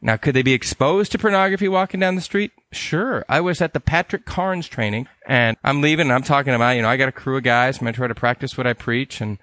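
A middle-aged counselor from California giving a conference talk in a conversational way. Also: male voice, medium pitch, a bit bright, no room sound. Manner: conversational, acts out dialogue with quick voice changes. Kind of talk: conference presentation.

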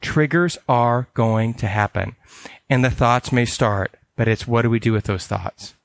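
A middle-aged counselor from California giving a conference talk in a conversational way. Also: male voice, medium pitch, creaky, no room sound. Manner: conversational, acts out dialogue with quick voice changes. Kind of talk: conference presentation.

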